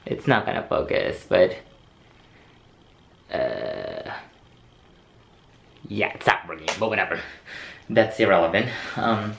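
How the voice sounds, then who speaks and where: A young man gushes through a casual unboxing vlog, breathless and tripping over his own words. His voice sits a little low, and the echoey room carries a faint hum of ambience. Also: expressive, slow pace, gravelly, pauses often. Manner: gushing, breathless, repeats words, trails off. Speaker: vlogger unboxing a handbag.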